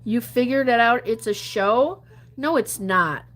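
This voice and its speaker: A woman's voice: a little high, measured pace, fairly bright tone. A woman chatting casually on a livestream, answering viewer comments, laughing often and dropping to mutters and whispers. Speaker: gambling livestreamer.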